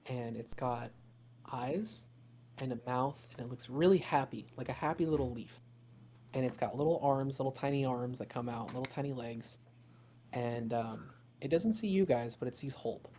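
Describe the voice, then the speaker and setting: A man's voice: medium pitch, normal speed, mellow, a little hiss or hum. Laid-back man running a tabletop game. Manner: casual, rambling, many fillers and swearing. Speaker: game master.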